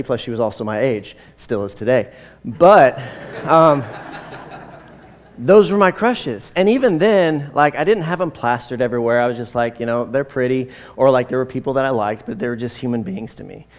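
A man in his forties delivering a sermon like a chat, drifting into personal tangents with plenty of fillers before getting back to the scripture. His voice sits at a middling pitch. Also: a little fast. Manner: conversational, rambling with fillers and asides. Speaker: pastor.

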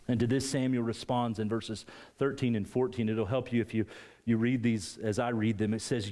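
A man preaching a sermon, retelling a scripture story with animated emphasis. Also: mid-range voice, moderate pace.

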